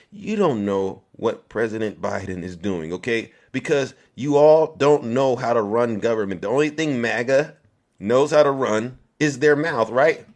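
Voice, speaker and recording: A man hosting a casual political talk stream, ranting in a direct, combative and repetitive way. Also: mid-range voice. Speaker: political commentator host. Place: California, Bay Area.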